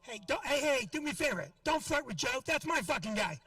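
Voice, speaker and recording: A man's voice: extremely high pitch, sing-song, brisk, bright, forceful tone, no echo, far from the mic. A middle-aged man doing a stand-up set in a comedy club, brash and profane as he teases the crowd. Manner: brash, profane, teasing the audience.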